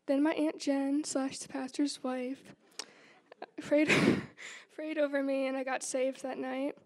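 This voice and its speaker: A woman's voice: high voice, level tone, slow. A teenage girl earnestly reading a prepared testimony to her church. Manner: reads prepared remarks, earnest. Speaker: youth group member.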